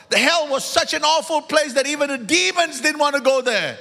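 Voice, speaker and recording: A high-pitched male preacher delivers a sermon. He hammers key words twice and throws questions out to the congregation. The church's long reverb trails every phrase. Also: lively intonation, brisk, gravelly, sharp tone. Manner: emphatic, repeats key words, calls to the congregation; joking asides.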